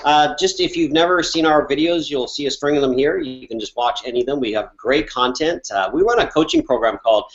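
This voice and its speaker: A Canadian man co-hosting a live online coaching chat, relaxed and rambling with plenty of fillers. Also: on the high side, a little fast, few pauses, highs cut off. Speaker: life coach, co-host.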